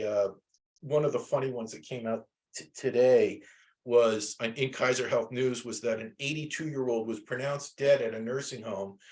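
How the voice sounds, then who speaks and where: Rambling male teacher on a class call. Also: mid-range voice. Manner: rambling, many restarts and fillers. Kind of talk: casual classroom talk. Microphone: video call.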